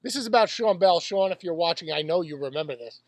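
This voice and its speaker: A man's voice: on the high side, animated, fast, no room sound. A man co-hosting a casual podcast, rambling through stories and swearing freely. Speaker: podcast co-host. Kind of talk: casual chat.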